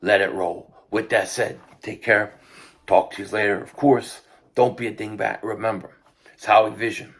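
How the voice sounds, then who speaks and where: An older man giving an impassioned sports fan rant, repeating himself and building to shouts. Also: fairly low pitch, steady tone, moderate pace, slightly rough. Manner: fervent, repetitive, rising to shouts. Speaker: sports vlogger.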